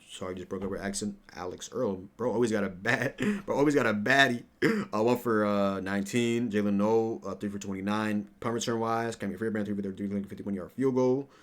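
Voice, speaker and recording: Male sports fan host, lowish voice, casual rambling stat rundown with fillers and sudden profane outbursts. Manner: rambling, profane, bursts into loud trash talk; fillers and self-corrections while reading stats. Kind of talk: casual stat-reading reaction commentary.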